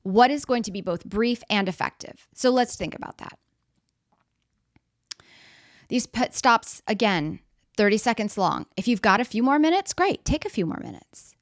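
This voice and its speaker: A woman's voice: a little high, lively intonation, moderate pace, dry recording, studio quality. A middle-aged woman giving a motivational talk in a conversational way, acting out everyday scenes and putting questions to the audience. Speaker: speaker.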